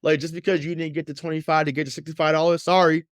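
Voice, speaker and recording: A man hosting a sports podcast talks at a racing pace in a slightly high voice with little pitch movement, recorded dry in studio quality. The chat is casual and loose, full of profanity, frequent laughter and repeated words as he warms up.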